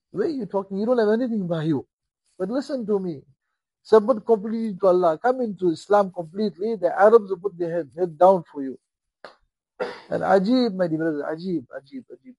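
A man preaching a sermon with a husky voice, impassioned, rising and falling in volume and acting out the dialogue he tells. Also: high-pitched, a little mellow, no echo, low-quality recording.

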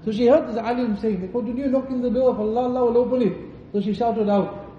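A man's voice: extremely high pitch, fast talker, dark tone, slight background noise. A man preaching a night sermon in a mosque during Ramadan, then leading a fervent pleading supplication with repeated invocations. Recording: distant echoey lo-fi mosque recording.

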